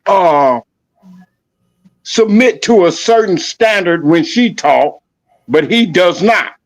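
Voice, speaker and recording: A man's voice: high voice, animated, slow. A man co-hosting a podcast, arguing his point in a heated casual debate and pressing it again and again. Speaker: podcast co-host.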